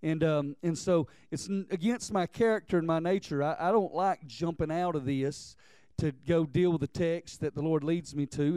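A man of about forty preaches with heartfelt urgency, tripping over repeated words as his passion climbs. His voice sits high and rings clean and smooth. The sound is close and dry, with no room around it. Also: warm tone, no echo. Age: 40s. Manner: earnest, stammering restarts, building in intensity. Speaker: pastor. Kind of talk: sermon.

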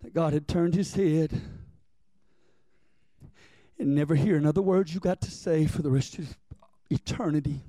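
A man preaching a sermon in a church, building from plain talk to shouted, drawn-out peaks and calling on the congregation to respond. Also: fairly high pitch, dry recording, studio quality. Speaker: pastor.

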